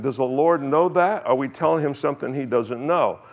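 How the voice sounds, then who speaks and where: Man preaching a casual sermon. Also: medium pitch. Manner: conversational preaching, reads scripture slowly, asks congregation questions. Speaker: pastor.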